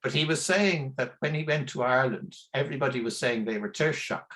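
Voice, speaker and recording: A man speaking in a casual panel conversation, hesitant and self-deprecating with halting starts. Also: mid-range voice, a bit bright.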